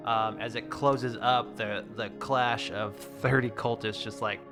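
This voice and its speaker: A man narrating as game master in a tabletop game, relaxed and full of fillers and restarts. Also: medium pitch, a little slow, over music.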